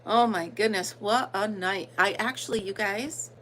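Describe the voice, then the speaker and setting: A woman's voice: medium pitch, measured pace, fairly bright tone, a little hiss or hum, poor audio. A woman with an American country accent hosting a casual livestream, chatting and greeting viewers by name with plenty of ums. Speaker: livestream host.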